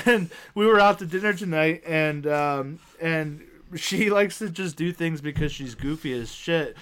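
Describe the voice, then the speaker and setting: A man's voice: a little high, measured pace, clear, resonant tone. A young man co-hosting a podcast, telling family anecdotes and acting out the quotes. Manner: animated, joking storytelling that acts out quotes. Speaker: podcast co-host. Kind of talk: casual chat.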